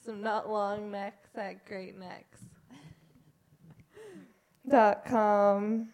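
A woman's voice: medium pitch, flat delivery, drawn-out words, a little mellow. A woman DJ chatting casually on air, giggly and slightly slurring her words. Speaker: radio DJ. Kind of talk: casual radio chat.

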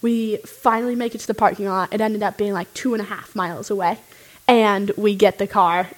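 A young woman casually telling a story, animated and full of "like" fillers. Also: medium pitch, a little fast, poor audio.

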